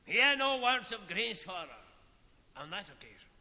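A man preaching a sermon in a slow, solemn manner, with dramatic pauses and phrases that fall away softly. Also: high-pitched, expressive. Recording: old lo-fi recording in a reverberant hall.

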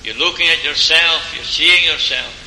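A man preaching a sermon in a slow, earnest way, pressing his hearers with rising questions and closing in prayer. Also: a little high, sharp tone. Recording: echoey hall, faint room ambience.

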